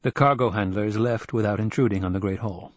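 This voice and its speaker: A man narrating an audiobook in a measured, even storytelling manner. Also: fairly low pitch, no echo. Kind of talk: scripted narration.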